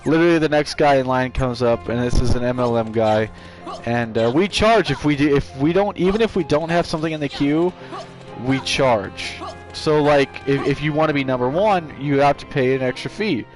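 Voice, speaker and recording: A man's voice: mid-range voice, moderate pace. A man streaming live, telling a story from work in a rambling, casual way with frequent restarts. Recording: game music playing behind. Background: video game music.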